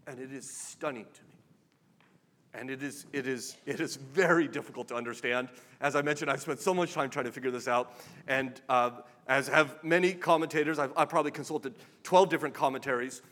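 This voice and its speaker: A man's voice: mid-range voice, a little fast, a bit bright. A man preaching a sermon in a conversational, wry way, pressing his points with emphatic questions. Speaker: pastor.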